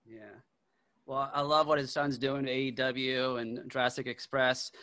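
An upbeat male podcast host chatting casually with his guests. His voice is bright and forward, and his pitch sits in a middle range. He trips into restarts and fillers as his enthusiasm runs ahead of him. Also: flat delivery, unhurried, no echo, low-quality recording. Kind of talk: casual interview.

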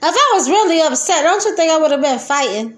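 A loud, foul-mouthed woman with a high voice talks fast as she hosts a podcast, rambling casually on her own. She's from Detroit and laughs a lot, bouncing between noisy excitement and quiet muttering.

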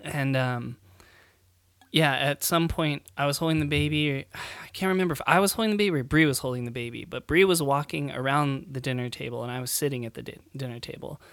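A man's voice: medium pitch, a little fast, a bit bright, no room sound, clean studio sound. A young man and new father, co-hosting a podcast in casual chat, rambling with lots of fillers and laughs as he tells stories. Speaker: podcast co-host.

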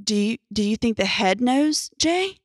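A woman voicing a quiet, imposing middle-aged father who murmurs his worries, in a horror story reading. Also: on the high side, expressive, unhurried, no room sound, clean studio sound. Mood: uneasy.

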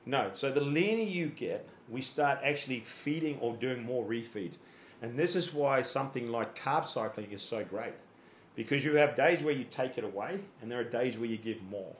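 A man's voice: mid-range voice, normal speed, a little hiss or hum. Man explaining with homespun analogies. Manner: explains with homely analogies and acted-out quotes; repeats words while thinking. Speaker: fitness coach. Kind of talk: podcast conversation explaining. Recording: roomy echoey room.

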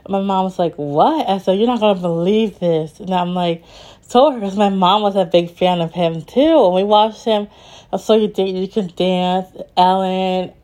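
A woman hosting a personal podcast monologue, grieving and in shock, speaking haltingly with frequent restarts and pauses. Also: mid-range voice, fairly even intonation, mellow. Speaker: podcast host.

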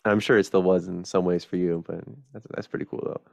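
A man's voice: low-pitched, steady tone, fairly quick, gravelly, a little mellow, no room sound. A male podcast host in casual chat, encouraging his guest and laughing often.

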